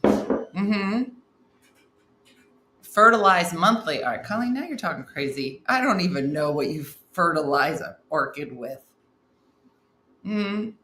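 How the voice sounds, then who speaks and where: A middle-aged woman with a slightly low voice hosts a chatty morning stream, tossing off wry asides as she reads comments. She sounds like she's in a roomy space with a clear echo. A faint hum of room noise sits underneath. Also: expressive, slow, long pauses. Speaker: morning show host reading viewer comments. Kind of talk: casual live-stream chat. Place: room at home.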